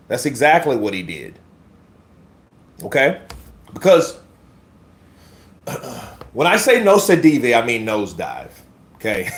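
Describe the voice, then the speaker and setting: A man's voice: medium pitch, sing-song, slow pace, long pauses. A man hosting casual boxing commentary on a livestream, blunt and profane, talking to his chat as bro.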